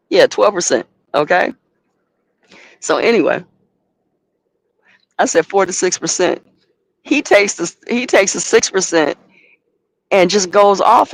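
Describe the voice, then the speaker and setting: Man, trucking company owner, gravelly voice on the high side, animated profane storyteller, dry close recording. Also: dry recording. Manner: animated, profane, acts out both sides of a phone call. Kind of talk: casual storytelling to a live audience.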